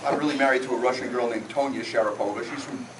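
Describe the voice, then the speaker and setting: A man's voice: medium pitch, fairly even intonation, fast. A middle-aged man from New Jersey giving a self-deprecating roast speech to friends at an event. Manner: joking, self-deprecating storytelling. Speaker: roast speaker. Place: event room with guests. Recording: echoey room from far off, noisy.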